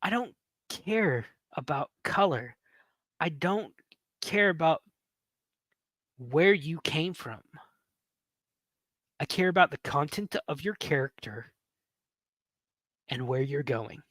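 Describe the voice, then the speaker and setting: A man in his thirties, a podcast host, telling a story in a casual, animated way, swearing and laughing as he goes. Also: a little high, slow pace, pauses often, no room sound. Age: 30s.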